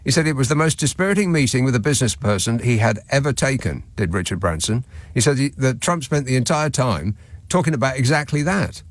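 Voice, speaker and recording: A man's voice: medium pitch, expressive, a little fast, no echo, clean studio sound. A male radio talk show host, sardonic and chuckling as he reads out listener messages and comments on them. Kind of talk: late-night radio phone-in monologue. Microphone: studio microphone.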